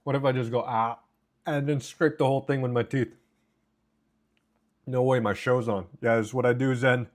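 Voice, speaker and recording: A man's voice: medium pitch, fairly even intonation, moderate pace, pauses often. A man live-streaming from home, chatting casually and reading chat aloud while eating, on a desk mic. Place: home, indoors. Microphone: desk mic with noise cancellation.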